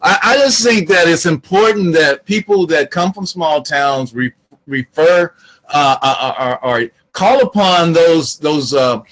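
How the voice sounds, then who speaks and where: A man from Shreveport, co-hosting a casual chat, speaking haltingly with many fillers and repeats. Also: on the high side, fairly bright tone, poor audio. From Shreveport, Louisiana. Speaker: co-host. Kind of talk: casual conversation.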